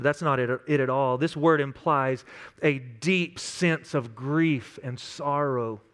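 Man, pastor, sermon, earnest, high voice, smooth and resonant. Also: measured pace, fairly bright tone. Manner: earnest preaching with acted-out quotes.

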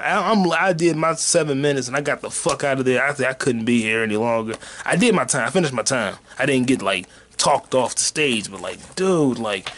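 A man hosting a podcast, ranting casually and profanely about a heckler, repeating himself and swinging between low mutters and shouts. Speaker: podcast host and stand-up comic. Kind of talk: casual rant.

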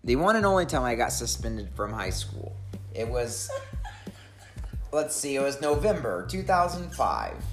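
A woman telling a story in a casual chat, rambling and getting animated as she acts out the scenes. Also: very deep voice, unhurried, faint music behind. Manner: rambling, animated when acting out scenes, laughing.

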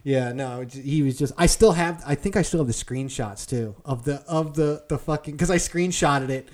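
A young man with a slightly high voice tells a story on a casual podcast. He swears freely and acts out every line of dialogue with lively energy. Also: moderate pace. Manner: profane, animated storyteller who acts out quotes. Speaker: podcast co-host.

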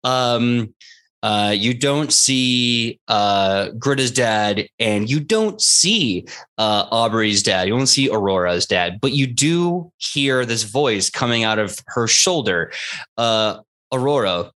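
A man's voice: mid-range voice, expressive, takes it slowly, fairly bright tone. A man narrating as game master in a loose, rambling way. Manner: loose, rambling descriptions with fillers.

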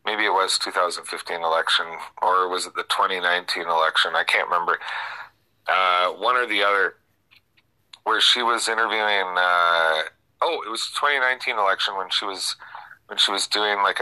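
Casting: male talk radio host, lowish voice, very bright tone, halting and opinionated. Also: poor audio. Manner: halting, many restarts and fillers.

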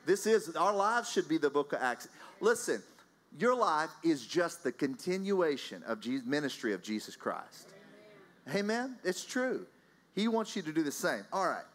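Preaching in a fairly high voice at a moderate pace, a man from Texas with a Texan accent spins a story for his congregation. He is lively and conversational, frequently chuckling and addressing the people directly.

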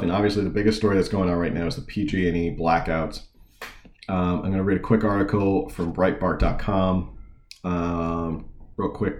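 A man's voice: sits low, darkish tone, echoey room, slight background noise. A man hosting a political talk show, reading news articles aloud and commenting in an informal, digressive way with sarcastic asides.

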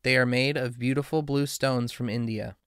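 A man voicing a kind, grave statue of a prince in a storybook reading, calm and pleading. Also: mid-range voice, moderate pace, clean tone, no room sound, studio quality, natural voice. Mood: tender.

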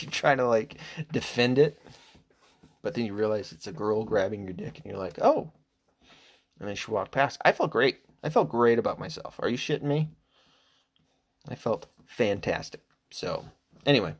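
Middle-aged podcast guy, kinda low voice, swears a lot, rambles and cracks himself up. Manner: profane, rambling, laughs at himself. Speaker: podcast host. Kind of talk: crude casual monologue.

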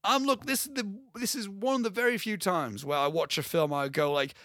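An enthusiastic young man rambles about a movie he loves, swearing as he goes. His voice sits a little high, and the recording is close and dry, with no room sound. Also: steady tone, a little fast, pushed and bright, no echo. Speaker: podcast co-host. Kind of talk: casual film discussion.

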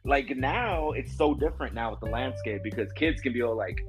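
A man's voice: medium pitch, lively intonation, moderate pace, soft background music, low-quality recording. Laid-back male podcast guest. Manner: laid-back, laughs often. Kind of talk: casual chat.

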